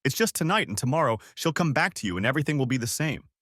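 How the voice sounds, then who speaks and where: A soft-spoken yet firm woman friend, put on by a male narrator in a story audiobook. The voice sits well above his own pitch and soothes while it persuades. The sound is close and dry. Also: big pitch swings, rapid-fire, no echo. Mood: soothing. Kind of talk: audiobook character voice.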